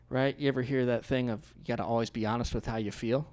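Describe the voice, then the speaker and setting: A man preaching a sermon as pastor, telling stories in a conversational way with quick acted-out quotes. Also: mid-range voice, lively intonation, darkish tone.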